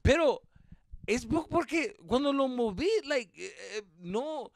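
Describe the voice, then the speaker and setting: A man acting out an overdramatic, whiny teenage boy who complains with shouts. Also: very high-pitched, animated, measured pace, vocal fry, pitched above the performer's own voice, full character voice. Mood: flustered.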